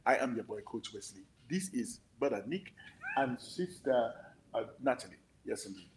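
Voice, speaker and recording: A man's voice: mid-range voice, lively intonation, moderate pace, lightly acted, low-quality recording. A man putting on a Nigerian accent to play an effusive show host who greets listeners like a preacher. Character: exuberant male show host with a put-on accent.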